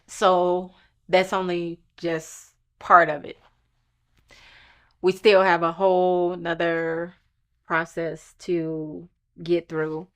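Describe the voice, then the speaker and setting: A woman's voice: on the low side, flat delivery, drawn-out words. A woman recounting a long legal fight in an earnest, emphatic personal testimony. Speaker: storyteller recounting her lawsuit.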